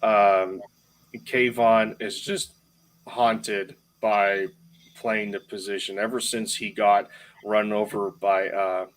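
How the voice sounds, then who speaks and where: A man with a fairly low voice, talking in casual sports podcast chat. His delivery is halting, with frequent restarts and repeated phrases. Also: little pitch movement, poor audio.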